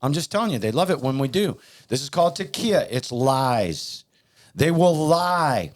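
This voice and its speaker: A man's voice: medium pitch, sing-song, moderate pace. A man hosting a talk show, preaching in a heated, emphatic and repetitive way. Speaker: podcast host.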